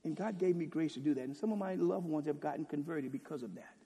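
A man preaching with fervor, his fairly high voice carrying a husky edge. He swings from ringing declamation down to hushed, almost whispered lines and keeps throwing out rhetorical questions. The sound rings with the long reverb of a large hall. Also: quick pace. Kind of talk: sermon.

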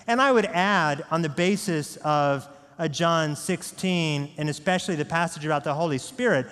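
A man preaching a sermon as pastor, earnest, moving between hushed and raised delivery. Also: a little high, normal speed, smooth. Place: church sanctuary. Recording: long echo of a large church hall.

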